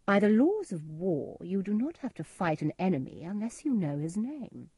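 A woman's voice: medium pitch, very animated, normal speed, mellow, breathy edge, dry recording. A woman doing a sly, scheming princess.

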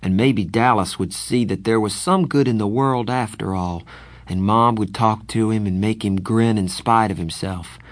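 A man narrating an audiobook in the first person, with a steady, reflective storytelling manner. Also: lowish voice, normal speed, no echo.

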